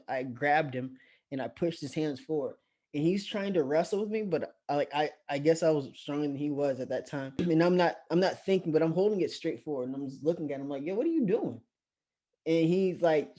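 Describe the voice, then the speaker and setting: A young man casually telling a story to camera, animated, swearing and often laughing. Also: fairly high pitch.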